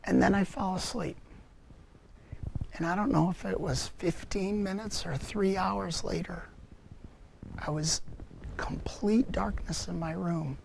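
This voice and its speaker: Slow, gravelly man telling a personal story. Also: high voice, fairly even intonation, slight background noise. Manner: earnest, reflective storytelling with halting restarts. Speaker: speaker giving a personal witness to a parents group. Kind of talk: personal testimony talk.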